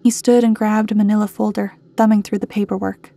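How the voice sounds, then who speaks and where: Mellow, husky female horror narrator. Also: mid-range voice, flat delivery, fairly quick, few pauses.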